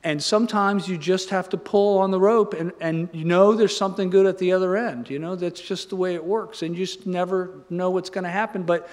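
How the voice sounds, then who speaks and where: A man giving an informal, story-filled lecture, rambling and joking as he goes. His voice sits fairly high. A long reverb trails off the walls of the lecture hall. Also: fairly even intonation, brisk, hardly any pauses. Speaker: guest lecturer.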